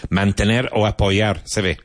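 A deep, low-voiced male teacher of English quickly and encouragingly guides a class through vocabulary drills. The sound is close and dry, with neither echo nor room sound.

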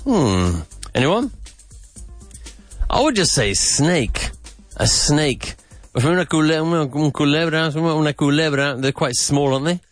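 A man hosting a podcast vocabulary lesson, repeating words slowly and with emphasis. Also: fairly high pitch, animated, soft background music. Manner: slow, emphatic repetition of words. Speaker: English teacher and podcast host.

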